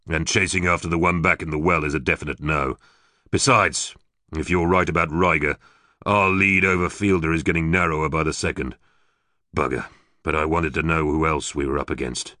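A man voicing a calm, weary male team leader who talks in a flat, impassive way in an audiobook. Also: extremely low pitch, brisk, no room sound, clean studio sound. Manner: flat, impassive, matter-of-fact. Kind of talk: audiobook character voice.

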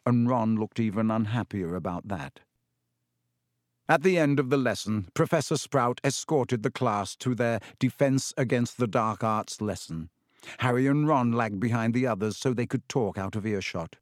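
A man reads an audiobook in a steady, measured storytelling voice. His voice sits in the mid-range, and the recording is studio quality with no room sound.

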